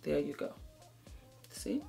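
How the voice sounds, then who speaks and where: A beauty vlogger, a woman, talks through a makeup tutorial slowly in a dark-toned voice with faint music behind her. She's gushing and affectionate with her viewers, and sometimes drops to a murmur as she applies makeup.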